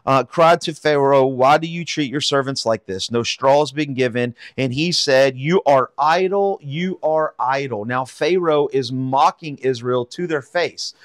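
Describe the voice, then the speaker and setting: A man's voice: medium pitch, measured pace, hardly any pauses, no room sound, studio quality. A man teaching through a Bible passage, reading verses aloud and explaining them in a casual, conversational way with frequent fillers and rhetorical questions. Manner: reads scripture then explains it conversationally, with fillers and rhetorical "right?". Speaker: pastor teaching a Bible study.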